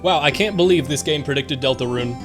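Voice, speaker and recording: Male streamer, fairly high voice, casual joking commentary, reads game lines aloud, game music behind. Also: brisk. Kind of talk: casual let's-play commentary, reading game dialogue aloud. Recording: game music playing under voice.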